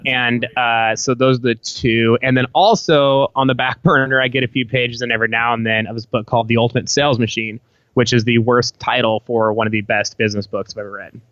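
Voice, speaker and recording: A man's voice: mid-range voice, little pitch movement, brisk, a bit bright, no room sound. A young adult man chats loosely as a podcast guest, rambling from one thought to the next and swearing casually. The sound is dry and close. The audio is a bit dull and muffled. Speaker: podcast guest, apparel company founder.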